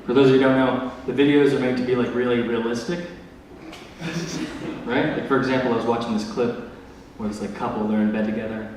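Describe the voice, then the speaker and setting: A young man doing a stand-up comedy set, delivering awkward deadpan one-liners full of filler words. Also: medium pitch, quick pace. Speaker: stand-up comic. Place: large hall with live audience. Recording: echoey hall, distant mic, loud noise.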